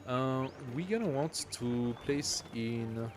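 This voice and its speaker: A man's voice: mid-range voice, slow, background noise. A man streaming a strategy game, thinking aloud and reading game text as he plays. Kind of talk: casual live gameplay commentary.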